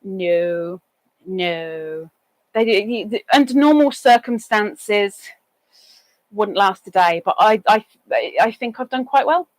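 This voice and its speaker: A woman's voice: mid-range voice, expressive, slow, dry recording, poor audio. A woman hosting a casual live stream, chatting and reading viewer comments aloud, with sing-song greetings for each newcomer.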